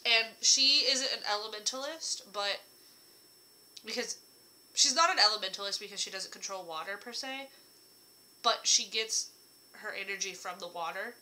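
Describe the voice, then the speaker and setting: A young woman with a slightly hoarse voice, chatting casually and rambling about the characters she has written, with jokey asides. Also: medium pitch, moderate pace, pauses often, bright, forceful tone, poor audio. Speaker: writer describing her characters. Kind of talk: casual chat.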